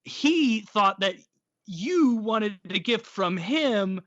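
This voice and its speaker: A man voicing a scheming servant of a prophet who coaxes in a smarmy, fast-talking way. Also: high voice, expressive, a bit bright, no echo, dull audio, pitched above the performer's own voice, exaggerated voice. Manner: smarmy, coaxing.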